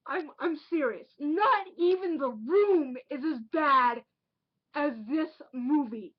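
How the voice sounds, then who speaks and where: Woman reviewer, high and deliberate, ranting with emphatic repeats, muffled home recording. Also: lively intonation. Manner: indignant, emphatic, repeats herself for effect. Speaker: online movie reviewer.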